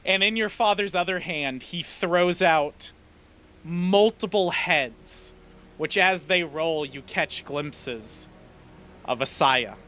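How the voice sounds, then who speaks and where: A man's voice: on the high side, slow pace, pushed and bright. A man narrating as game master of a tabletop game in a casual, swearing style.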